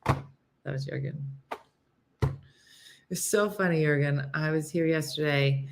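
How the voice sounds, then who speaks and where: A woman's voice: deep voice, animated, a little slow, fairly bright tone. A woman hosting a live stream, chatting casually and rambling between stories while reading out viewer comments. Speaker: live show host.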